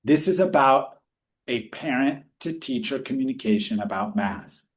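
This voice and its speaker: A man presenting research findings in a webinar discussion, energetic and explanatory, rushing through quoted questions. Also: mid-range voice. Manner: energetic, speeds up when quoting questions; teaching, explanatory.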